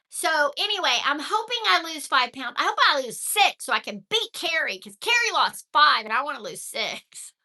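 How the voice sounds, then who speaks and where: An older woman talks casually to her viewers, chatty and animated. Her voice sits high and swoops in a lively way, with a very bright tone. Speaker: vlogger reading live chat.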